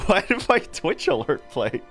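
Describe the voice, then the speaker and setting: A game streamer chats casually with viewers, rambling from one thought to the next and breaking into laughter often. The voice sits at a middle pitch but swings widely up and down. Soft music plays faintly underneath. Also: wildly swooping pitch, measured pace, vocal fry. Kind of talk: casual chat with live chat.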